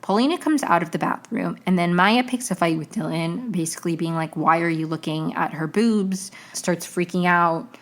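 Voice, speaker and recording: A woman's voice: fairly low pitch, moderate pace. A young woman hosting a podcast, recapping a TV episode in a rambling, chatty way full of tangents and self-corrections. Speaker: podcast host.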